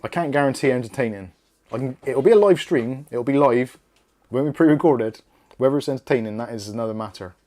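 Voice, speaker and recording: Talking fast in a warm, medium-pitched voice, the host of a relaxed live stream jokes around and reads comments from viewers aloud. He has a Bristolian accent and a chatty manner with self-mocking asides.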